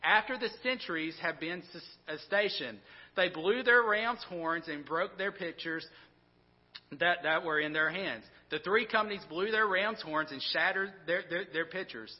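A man in his thirties, a pastor preaching a sermon in a conversational, animated storytelling way with many restarts. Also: high voice, a little slow. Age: 30s. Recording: dull sound with long hall reverb.

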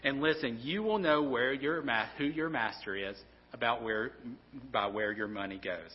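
A man's voice: medium pitch, normal speed. An earnest male pastor delivering a sermon, often tripping over and repeating his words. His voice carries a long reverb, as if from a large hall. The sound is slightly dull and muffled.

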